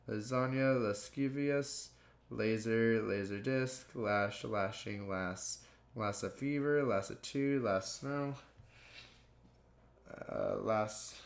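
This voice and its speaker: A man slowly reading dictionary words aloud one by one, stumbling and restarting now and then. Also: lowish voice. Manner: slow, plodding word-by-word reading with stumbles. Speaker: gaming youtuber.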